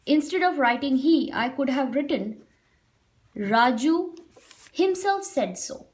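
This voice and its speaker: A woman teaching a grammar lesson to children, repeating example sentences slowly and explaining them. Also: sits high, lively intonation.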